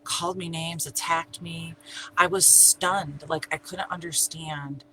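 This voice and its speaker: A woman's voice: low-pitched, a little slow, rough recording. A middle-aged woman telling her own story in an emphatic, repetitive way, sometimes dropping to a whisper. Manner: emphatic, repeats herself, sometimes drops to a whisper. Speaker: channel host, abuse survivor. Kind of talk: personal storytelling. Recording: steady hum in background.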